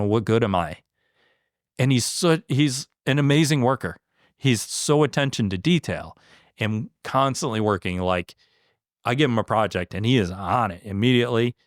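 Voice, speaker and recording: A man's voice: fairly low pitch, dry recording, clean studio sound. A man who owns a small business, speaking in a casual interview, earnest and heartfelt, with many fillers and restarts. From Michigan. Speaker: franchise owner, interview guest.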